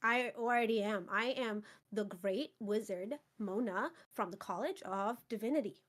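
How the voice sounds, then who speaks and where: A woman playing a tabletop role-playing game, speaking briskly and matter-of-factly. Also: medium pitch. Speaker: player. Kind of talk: casual tabletop role-play.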